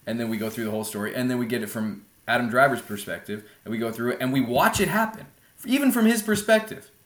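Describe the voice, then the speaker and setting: A man chatting as a podcast guest about films, ranting in an animated, opinionated way into a laptop mic. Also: mid-range voice, quick pace, echoey room. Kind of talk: casual film chat. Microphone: laptop built-in mic.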